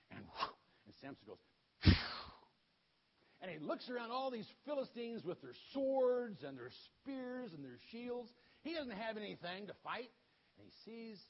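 A man's voice: on the high side, husky, dull audio. A man telling a Bible story to children in a children's sermon, in a folksy and dramatic way.

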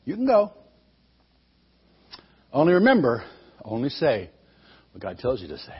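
A man playing a stern male angel, speaking quietly, calmly and firmly. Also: mid-range voice, unhurried, slightly rough, lo-fi sound, pitched below the performer's own voice, heavily acted. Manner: quiet, calm, firm.

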